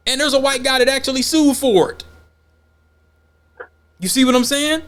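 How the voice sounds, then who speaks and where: Animated blunt man with a high voice. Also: normal speed, long pauses. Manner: animated, acts out imagined dialogues; blunt, profane. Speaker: podcast co-host. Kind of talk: casual opinion talk.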